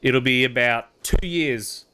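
Australian male streamer, rambling and wry, with an unhurried and smooth delivery. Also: mid-range voice, bright, forceful tone. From Queensland, Australia. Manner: rambling, wry, self-amused. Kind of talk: casual chat with stream viewers.

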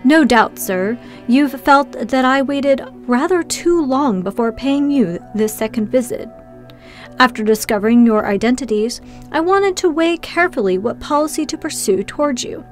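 A woman reading as a calm, commanding sea captain. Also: high voice, normal speed, soft background music. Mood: grave. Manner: calm, penetrating, precise speech. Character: commanding, aloof male ship captain. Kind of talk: audiobook character reading.

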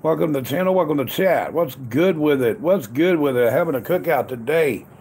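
A man's voice: on the high side, expressive, a little fast, darkish tone, a little hiss or hum. A man hosting a casual live stream outdoors at a grill, greeting chat viewers by name over and over with upbeat, repeated catchphrases. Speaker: livestream host. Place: outdoors at a grill in cold weather.

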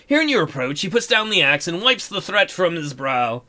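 Joking let's-play host, man; bright, high, animated. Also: normal speed, hardly any pauses. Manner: joking, chatty, reads game text aloud. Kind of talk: casual gameplay commentary.

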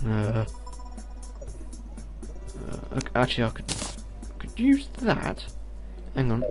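A man giving casual gameplay commentary on a headset, excitable, breaking into loud exclamations and talking back to enemies on screen. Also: mid-range voice, moderate pace. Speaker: video game let's player. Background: game music.

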